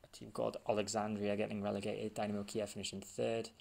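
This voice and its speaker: A man's voice: lowish voice, completely flat delivery, fast, gravelly, hardly any pauses, darkish tone. A man giving casual gameplay commentary, thinking aloud and muttering as he reads results off the screen. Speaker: gaming channel host.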